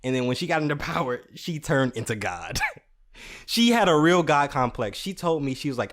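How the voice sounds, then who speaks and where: A young adult man hosting a show, telling comedic stories in a casual, animated way, swearing freely. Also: fairly high pitch, moderate pace. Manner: animated, swearing, laughing at his own stories. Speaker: podcast host.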